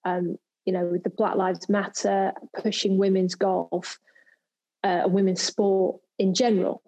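A woman's voice: mid-range voice, flat delivery, measured pace, dark tone, breathy edge, rough recording. A woman from England, a former pro golfer and TV presenter, chatting in an interview and telling stories with lots of fillers and restarts. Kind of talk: casual interview chat.

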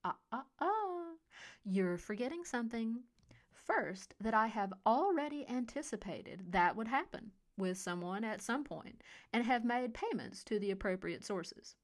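A woman's voice: a little high, expressive, unhurried. Lady putting on a cool california boss guy, icy and smug, kinda menacing, storybook villain. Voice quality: icy, detached. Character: cold scheming male resort boss. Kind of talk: audiobook character voice.

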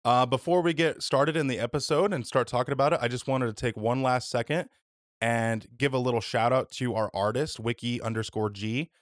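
A man's voice: mid-range voice, steady tone, brisk, dry recording, studio quality. A man hosting a podcast in casual chat, laid-back, swearing freely and using many fillers. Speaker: podcast host.

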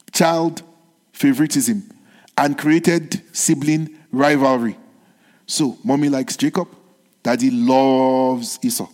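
A male pastor preaches a sermon in a notably high voice. He tells a story and tosses rhetorical questions to the listeners. His voice rings through a long hall reverb. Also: a little mellow.

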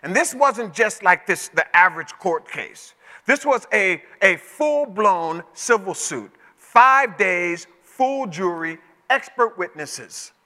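A male pastor preaching a sermon in a conversational storytelling way that climbs to emotional shouts. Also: sits high, lively intonation, slow. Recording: echoey hall with long reverb.

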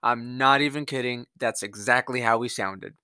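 A man's voice: mid-range voice, moderate pace, bright, forceful tone, dry recording, studio quality. A young man with a Mississippi Southern accent hosting a podcast, ranting angrily with lots of profanity and restarts. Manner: angry, profane, rambling with restarts. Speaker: podcast host. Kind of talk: political rant monologue.

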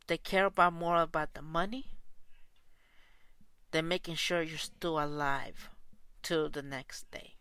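A man's voice: on the high side, bright, forceful tone, clean tone, no echo. A man who coaches soccer, delivering an angry, profane and repetitive spoken rant.

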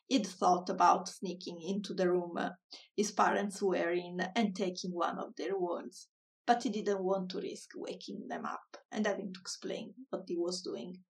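A woman reading a children's story aloud in a soft, measured way. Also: mid-range voice, distant mic.

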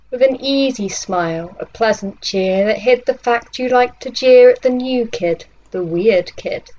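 A woman voicing a sinister, patient nightmare villain in a dramatic monologue poem, speaking slowly and tauntingly. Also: mid-range voice, a little mellow, dull audio, close to an everyday voice. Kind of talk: dramatic monologue poetry reading.

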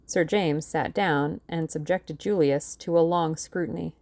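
Calm woman narrating an audiobook. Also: sits low, unhurried, hardly any pauses, no room sound. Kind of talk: audiobook reading.

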